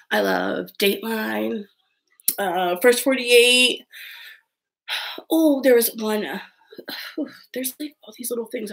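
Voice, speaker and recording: A woman's voice: mid-range voice, vocal fry, a bit bright. A young woman hosting a casual live stream, rambling through chat comments with lots of "like" and frequent laughter. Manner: chatty, rambling, heavy use of "like", frequent laughs.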